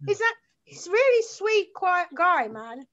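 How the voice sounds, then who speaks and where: Woman, London accent, forties, high-pitched, rambling and sweary, slightly dull recording. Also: big pitch swings, a little slow, a bit bright. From South London, England. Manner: rambling, sweary, enthusiastic storytelling. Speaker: guest musician. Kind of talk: casual chat. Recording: slightly muffled lo-fi sound.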